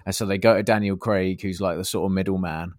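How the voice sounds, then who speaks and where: A man's voice: low voice, steady tone, fast, no echo. A man co-hosting a podcast, chatting eagerly about films and acting out lines from them. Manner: enthusiastic, acts out film lines. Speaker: podcast co-host. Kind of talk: casual film chat.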